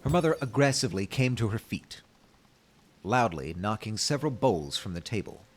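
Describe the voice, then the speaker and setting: A man streaming, reading a game's story aloud with measured, wry asides. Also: fairly low pitch, expressive, slight background noise. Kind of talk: reading a game aloud with commentary.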